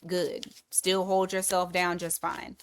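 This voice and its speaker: A woman's voice: lowish voice, flat delivery, slow, a little hiss or hum. A woman giving a casual weekly tarot reading, blunt and profane, thinking aloud as she pulls cards. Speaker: tarot reader.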